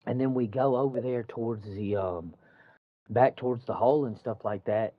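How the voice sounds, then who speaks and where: Speaking at normal speed in a medium pitch, a swearing construction worker tells a casual story from work, animatedly acting out the quoted dialogue. The recording sounds dull, muffled, and dry.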